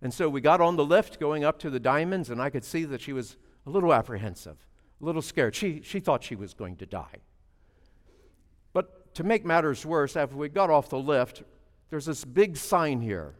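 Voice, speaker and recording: A man preaching a sermon and telling a family story, swinging between loud emphasis and hushed moments, with halting repeats. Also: fairly high pitch, lively intonation. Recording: long reverb of a large hall.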